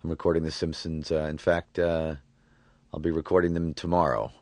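A man around forty, a voice actor talking in an interview, halting and restarting his words often. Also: a bass voice, level tone, darkish tone, no room sound. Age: 40s. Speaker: voice actor guest. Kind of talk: relaxed interview talk.

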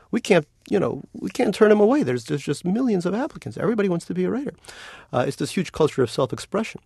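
A man being interviewed as a novelist, talking in an animated, joking way and laughing often. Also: medium pitch, gravelly, breathy edge, no room sound, studio quality. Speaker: novelist guest. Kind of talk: casual interview chat.

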